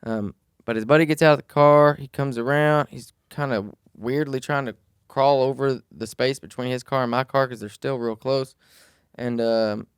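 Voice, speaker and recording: A man, co-hosting a podcast, telling a story in a casual, animated way and swearing freely. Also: mid-range voice, clean tone, dry recording, clean studio sound. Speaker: podcast co-host.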